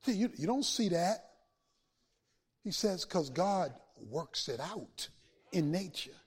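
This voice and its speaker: A man a sermon to his congregation, building from steady talk to shouted peaks and back down. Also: high-pitched, slightly rough. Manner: preaching with swells to shouts and dramatic pauses. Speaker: pastor.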